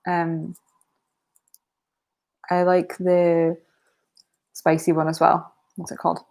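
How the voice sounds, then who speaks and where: A woman with a soft Aberdeen Scottish accent and a slightly low voice. She chats loosely and quietly, rambling with plenty of ums and a casual swear now and then, like a streamer talking to her viewers. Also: completely flat delivery, slow, gravelly. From northern Scotland. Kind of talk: relaxed live-stream chat.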